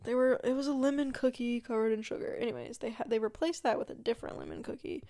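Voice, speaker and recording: Young female podcast host with a slightly high voice, loose and meandering, often trailing off into a soft murmur. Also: steady tone, quick pace, vocal fry. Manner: rambling, meandering, many fillers and asides; yawning, drops to a quiet murmur at times. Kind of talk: casual solo chat.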